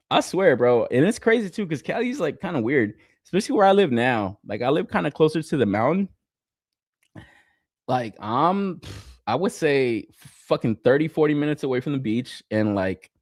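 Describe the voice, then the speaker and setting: A man's voice: mid-range voice, dry recording, clean studio sound. Socal young guy on a toy podcast, cursing, laughing, telling stories, voice all over the place. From Southern California. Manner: profane, laughing, animated storytelling. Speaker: podcast co-host. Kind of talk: casual chat.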